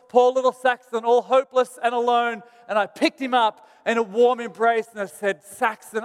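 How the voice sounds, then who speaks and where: High-voiced man preaching with humour. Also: clean tone, long reverb tail. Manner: storytelling, self-deprecating and animated. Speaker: pastor. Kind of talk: sermon.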